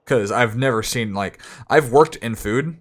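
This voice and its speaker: A young man at his desk mic, rambling through an anecdote with lots of restarts. He talks at an ordinary middle pitch in a loose, animated way and jumps into raised voices whenever he acts out other people. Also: a little slow. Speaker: streamer. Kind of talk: casual storytelling.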